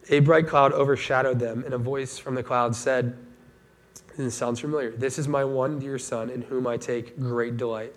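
A man giving a casual sermon as a pastor, talking in a conversational, animated way and acting out the voices of people he quotes. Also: medium pitch.

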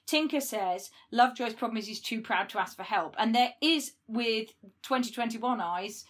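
A woman's voice: fairly high pitch, normal speed. A woman co-hosting a podcast, chatting casually and making self-deprecating asides. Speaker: podcast co-host. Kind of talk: casual chat.

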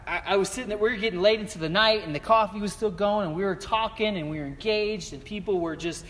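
A man preaching a sermon as a pastor, telling stories in a relaxed, conversational way with lots of fillers. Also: sits high, fast, in a large hall. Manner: conversational storytelling with many fillers.

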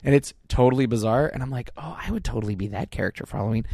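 A man's voice: mid-range voice, animated, very fast, gravelly, dark tone, slightly rough, no room sound, clean studio sound. A man in casual chat, rambling enthusiastically and acting out his own thoughts as quotes.

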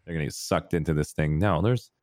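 A man in casual podcast chat, telling stories with lively jumps into a high voice when acting out scenes. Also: fast talker, no room sound, clean studio sound. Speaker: podcast co-host.

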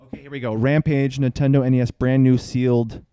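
A man's voice: medium pitch, little pitch movement, fairly quick, mellow, smooth, dry recording. A man chatting casually about retro video games, rambling with fillers. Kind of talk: casual chat.

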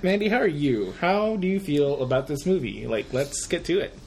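A woman co-hosting a podcast, chatting casually with halting restarts and playful teasing. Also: deep voice, animated, darkish tone, slight background noise. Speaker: podcast co-host. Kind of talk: casual chat.

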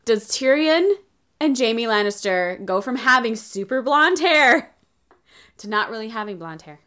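A woman's voice: fairly high pitch, expressive, unhurried, bright, forceful tone, smooth. A young woman co-hosting a casual podcast, teasing and playful with a profane streak. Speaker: podcast co-host. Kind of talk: casual chat recapping a TV show.

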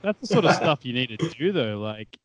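A man's voice: mid-range voice, big pitch swings, fairly quick, crowd noise. A man, chatting casually on a podcast and offering advice on selling art.

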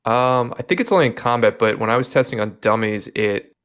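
A man's voice: mid-range voice, brisk, fairly bright tone, clear, resonant tone. A man in casual chat, rambling along with many fillers and hedges.

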